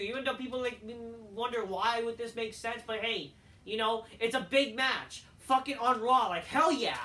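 A man's voice: very high-pitched, lively intonation, moderate pace, bright, forceful tone. A man giving a casual solo review of a wrestling show, ranting and swearing a lot and repeating his points. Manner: profane, ranting, repeats himself. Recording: echoey room, distant mic, faint noise.

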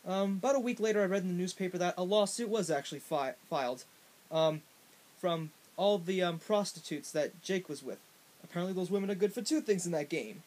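High-voiced man telling a rambling story. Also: a little fast, darkish tone. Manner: rambling, with many fillers and restarts. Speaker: vlogger. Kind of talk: comedic storytelling to camera. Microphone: in front of a camera.

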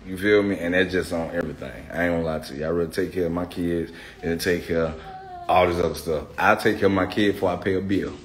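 A man chatting casually in a home vlog as a father and vlogger, with relaxed, slangy talk full of "cuz" and "you feel me". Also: low-pitched, fast.

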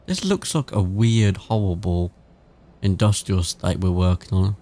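Gravelly British man playing a game. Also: sits low, expressive, unhurried, warm tone. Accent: British English. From England. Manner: chatty, swears casually, reads game text aloud. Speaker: gaming YouTuber. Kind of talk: casual let's-play commentary.

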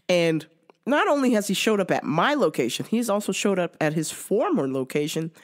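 Profane, animated woman ranting. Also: fairly high pitch. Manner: profane, sarcastic, laughs often. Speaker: podcast host. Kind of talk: casual ranting commentary.

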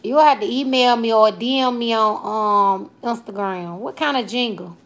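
A woman's voice: fairly high pitch, normal speed. A woman in her twenties from Alabama with a Southern accent, chatting loosely and playfully with viewers on a livestream as she reads out their comments. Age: 20s. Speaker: comedian and livestream host. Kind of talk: casual livestream chat reading viewer comments.

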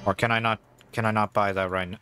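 A man's voice: lowish voice, little pitch movement, fast, noisy background. A man casually commentating while playing a video game, laid-back and joking, reading tips aloud. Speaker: gaming video host. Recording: voice over loud game music.

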